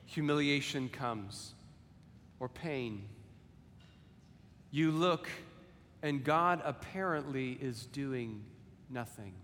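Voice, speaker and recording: A man preaching a sermon and reading scripture, deliberate and measured, lifting his voice for quoted lines and sinking soft on solemn ones. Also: medium pitch, slight background noise. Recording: long hall reverb, faint ambience.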